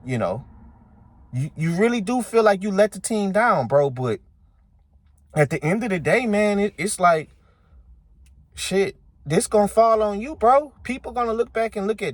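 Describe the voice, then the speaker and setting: Man, fired-up sports rant, slightly high voice, dry close sound. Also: lively intonation, normal speed, pauses often, no room sound. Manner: heated, repetitive, talks straight to viewers. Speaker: sports commentary channel host. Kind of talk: casual sports opinion rant.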